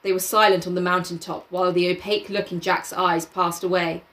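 A woman's voice: on the low side, little pitch movement, a little fast, fairly bright tone. A woman reading a novel aloud on a podcast and chatting about it casually, laughing and swearing now and then. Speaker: podcast co-host and reader.

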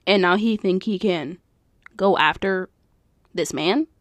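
A woman's voice: on the low side, slow, no room sound. A young woman hosting a casual solo podcast, rambling and giggling, full of fillers. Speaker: podcast host.

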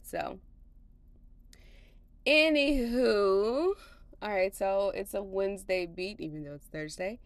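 A woman's voice: mid-range voice, moderate pace, hardly any pauses, a little mellow, no room sound. A slightly tired woman hosting a podcast from home, rambling casually with lots of fillers and laughs. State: a little tired. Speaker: podcast host.

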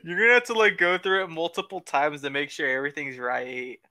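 A man's voice: a little high, fairly even intonation, fairly quick, bright, forceful tone, no room sound. A young man hosting a casual podcast with friends, teasing and often breaking into laughter. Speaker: podcast host. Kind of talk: casual chat.

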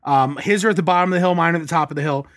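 A man's voice: fairly high pitch, very fast, fairly bright tone, no echo, clean studio sound. A man co-hosting a casual chat, emphatic and opinionated, telling stories with animation. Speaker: podcast co-host.

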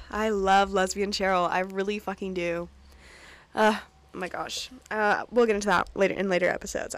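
A woman's voice: medium pitch, no room sound. Chatty young woman, dry close mic. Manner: chatty, swears often, laughs a lot, quick asides. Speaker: podcast host recapping a TV episode. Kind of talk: casual solo recap.

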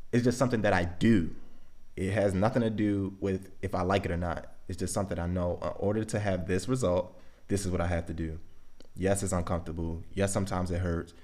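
A young man with a Baltimore accent hosting a casual solo podcast, talking things through in a relaxed, conversational way with plenty of "like" and "um". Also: sits low. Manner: relaxed, conversational, thinks aloud with frequent "like" and "um". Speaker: podcast host.

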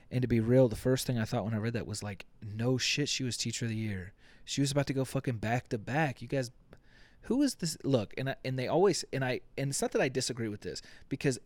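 A man's voice: mid-range voice, darkish tone, no echo. Profane rambling podcast guy, dry mic. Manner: profane, rambling, jokey with acted-out quotes. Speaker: podcast host. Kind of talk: casual solo podcast rant.

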